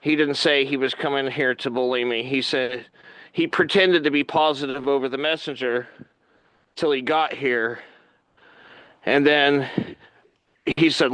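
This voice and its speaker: A man telling a long story as a podcast guest, animated, loudly acting out what others said. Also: mid-range voice, poor audio. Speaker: guest wrestler.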